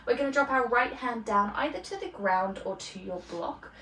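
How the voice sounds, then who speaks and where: A woman teaching a beginner yoga class, cueing breath and movement in a calm, soft-spoken way with gentle pauses. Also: on the high side, slight background noise. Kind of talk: guided yoga class instruction. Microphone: camera mic from a distance. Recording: roomy echo, voice from a distance, faint ambience.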